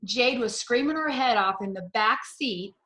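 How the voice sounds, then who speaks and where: A woman's voice: fairly high pitch, lively intonation, moderate pace, pushed and bright. A middle-aged woman giving an enthusiastic, storytelling sales talk on a video call. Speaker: sales director. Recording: echoey room on a video call.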